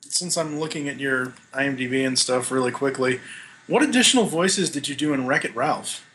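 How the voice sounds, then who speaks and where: A man interviewing a guest, asking questions in a relaxed, easygoing way. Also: medium pitch, fairly quick, a little hiss or hum. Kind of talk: casual interview chat.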